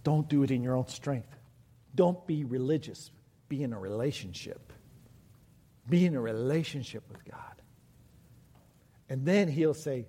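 A man's voice: medium pitch, expressive, a little slow, long pauses, mellow. A man preaching a sermon as pastor, earnest and building to impassioned pleading before leading a prayer. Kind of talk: sermon with altar call and prayer. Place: church sanctuary. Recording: long church reverb.

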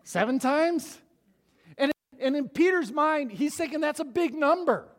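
A pastor with a high voice preaches in a church, lively and animated, slipping into the voices of the people he quotes. He breaks into chuckling asides to the congregation. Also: moderate pace, in a large hall. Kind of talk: sermon.

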